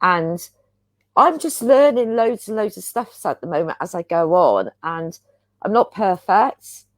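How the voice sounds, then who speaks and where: A woman's voice: on the low side, animated, measured pace, no room sound. A woman, a guest healer, talking in an earnest, rambling, chatty way about spiritual practice over a video call. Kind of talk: casual spiritual chat.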